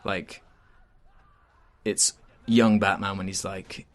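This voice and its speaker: A man's voice: sits low, little pitch movement, takes it slowly. A man chatting casually in a game review, hesitant with many fillers and restarts.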